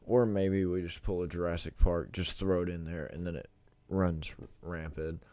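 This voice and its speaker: Deep-voiced young man casually reacting. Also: steady tone, normal speed, dark tone, no room sound. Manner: rambling, informal, self-correcting. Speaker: reaction video host.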